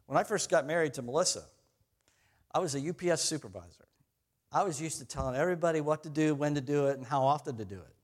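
A man's voice: on the high side, lively intonation, quick pace. A middle-aged man preaching a sermon as pastor, conversational and self-deprecating, often laughing at his own stories.

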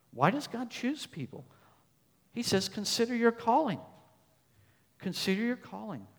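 A male pastor preaching a sermon, reading verses aloud and pressing his points with emphatic repetition. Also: on the high side. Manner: emphatic, rising to loud stresses then dropping soft; repeats phrases, reads scripture verses aloud. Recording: long hall reverb.

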